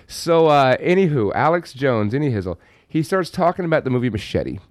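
A young adult man co-hosting a casual podcast, animated and quick to laugh, swearing freely. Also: medium pitch, dry recording. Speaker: podcast co-host.

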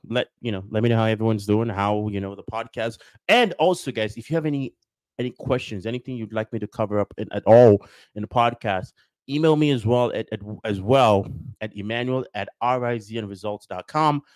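The dry recording captures a man running a relaxed podcast in a pitch-like, upbeat tone. He drifts along, says things more than once and relies heavily on fillers.

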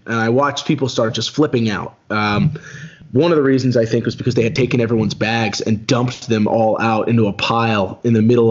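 A man guesting on a podcast tells a long race story in relaxed, conversational speech. His voice jumps up in pitch when he relives his frustration. The recording is slightly dull and lo-fi. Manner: animated, rises sharply when recounting anger. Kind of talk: casual storytelling.

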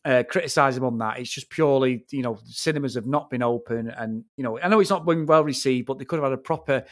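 A man's voice: mid-range voice, fast. A man co-hosting a film review podcast, ranting bluntly and swearing freely in casual chat.

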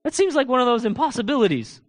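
High-voiced man preaching an animated sermon. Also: fast. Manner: animated, rhetorical questions, swings between loud proclaiming and low quiet emphasis; laughs and talks casually to the congregation.

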